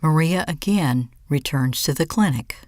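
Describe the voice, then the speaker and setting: Low-voiced woman narrating. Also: expressive, darkish tone, no echo. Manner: brief, measured lines. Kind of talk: scripted narration.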